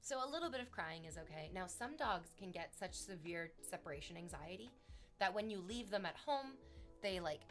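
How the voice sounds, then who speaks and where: A chatty woman talking casually on a stream, her voice bright and clear. She rambles in a loose, friendly way and laughs off her own verbal slips. Faint music plays underneath. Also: medium pitch, lively intonation, normal speed. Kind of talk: casual chat.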